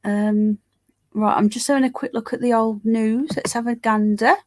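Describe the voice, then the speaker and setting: A woman on a relaxed home livestream, tired and yawning as she chats. Her voice sits a little high, loose and rambling, with a casual swear here and there. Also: normal speed. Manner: chatty, rambling, swears casually, greets viewers by name. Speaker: livestream host reading live chat.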